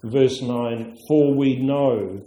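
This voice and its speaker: A man delivers a sermon in a mellow, warm voice, earnest and emphatic as he leans on key words. He speaks slowly and often restarts his phrases. The sound carries the echo of a roomy church hall. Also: medium pitch. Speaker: preacher. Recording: echoey room.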